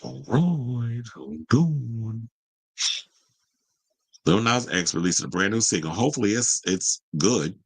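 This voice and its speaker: A man's voice: mid-range voice, animated, slow pace, vocal fry, long pauses, slightly rough, poor audio. A man hosting a casual solo pop culture commentary show, chatty and sassy with rambling asides.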